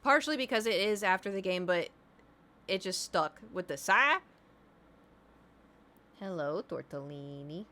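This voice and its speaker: A woman's voice: mid-range voice, lively intonation, a little fast, fairly bright tone. A woman streamer chatting casually, telling rambling stories and talking to her cat.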